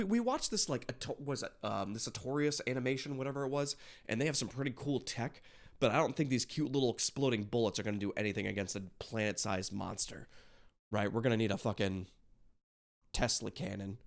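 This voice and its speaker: A man reacting to a video, chatting casually with lots of fillers, swearing and restarts. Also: medium pitch. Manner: rambling, swears often, frequent fillers.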